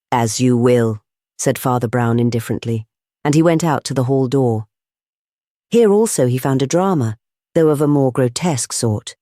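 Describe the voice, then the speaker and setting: An audiobook narrator reading a classic detective story in a measured storytelling manner, on a close mic. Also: mid-range voice, dark tone, dry recording. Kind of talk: scripted narration.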